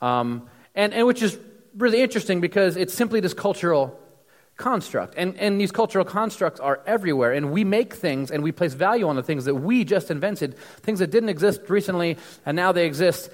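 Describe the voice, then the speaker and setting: A man's voice: high-pitched, expressive, brisk, long reverb tail. A man from the United States giving a casual, conversational sermon with many fillers and restarts. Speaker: preacher.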